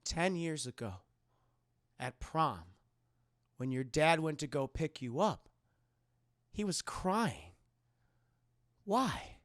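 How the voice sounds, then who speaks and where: A man voicing a cold mother who asks flat, probing questions. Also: high voice, moderate pace, creaky, breathy edge, no room sound, clean studio sound, pitched above the performer's own voice, heavily acted.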